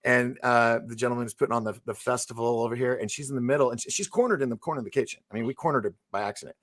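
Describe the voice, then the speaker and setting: Animated storytelling male talk-show host. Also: mid-range voice, rapid-fire. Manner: animated storyteller, laughs and restarts often. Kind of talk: casual live interview chat.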